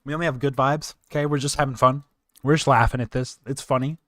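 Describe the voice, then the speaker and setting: A man on a casual livestream, mocking a video he is reacting to with sarcastic asides. His voice sits at a middle pitch. The sound is dry and close to the mic. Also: steady tone, fast, a bit bright, dry recording. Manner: sarcastic, joking, talks back to the video. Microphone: close desk mic.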